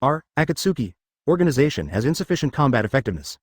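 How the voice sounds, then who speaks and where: A man's voice: mid-range voice, big pitch swings, very fast, breathy edge, no room sound, studio quality. A man reading a scheming ninja leader.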